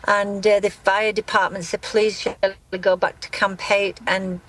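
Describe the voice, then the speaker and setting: A middle-aged woman giving a live news interview as a grieving mother, speaking in a halting, shaken way with many restarts. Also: medium pitch, flat delivery, fairly bright tone, low-quality recording.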